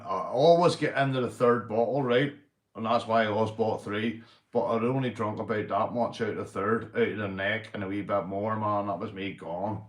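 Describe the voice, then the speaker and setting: Rambling Northern Irish man, roomy echo. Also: fairly low pitch. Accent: Northern Irish (Belfast). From Northern Ireland. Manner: rambling, swears a lot, says mate and big up constantly. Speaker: livestream host. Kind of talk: casual livestream chat, reading out viewers.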